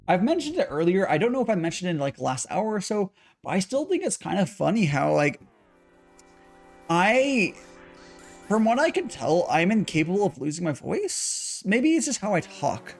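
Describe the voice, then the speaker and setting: A man's voice: sits high, very animated, normal speed, gravelly. A young man chatting casually on a livestream while making tea, rambling with lots of restarts and repeated words. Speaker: streamer.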